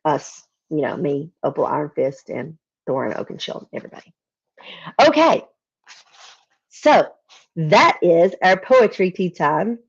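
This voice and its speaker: A woman with a Southern American accent leads a poetry lesson, her voice sitting a little low. She explains patiently and slows right down to read lines of verse. The sound is dull and lo-fi, like a video call. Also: big pitch swings, creaky, slightly rough. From Southern United States. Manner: explains patiently, reads verse slowly and deliberately. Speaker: literature teacher.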